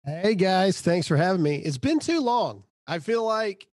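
Slightly high, dry-sounding male guest. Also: sing-song, darkish tone, dry recording. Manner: halting, with repeated restarts. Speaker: podcast guest. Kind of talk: casual chat.

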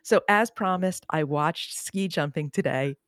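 A woman's voice: low-pitched, measured pace, dry recording, clean studio sound. A woman co-hosting a casual sports chat show, giving sarcastic, opinionated commentary. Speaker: podcast co-host. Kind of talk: casual chat about Olympic news.

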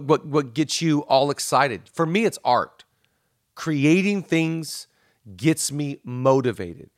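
A man's voice: medium pitch, a bit bright, no echo, studio quality. A man hosting a podcast, enthusiastic and effusive, chatting casually. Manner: enthusiastic, effusive, quick affirmations. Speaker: podcast host.

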